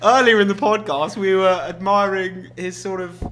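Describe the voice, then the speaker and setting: A man's voice: high voice, fairly even intonation, moderate pace, crowd noise. A man co-hosting a podcast, laughing often and rambling through jokey anecdotes. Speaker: podcast co-host. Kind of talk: casual comedic chat.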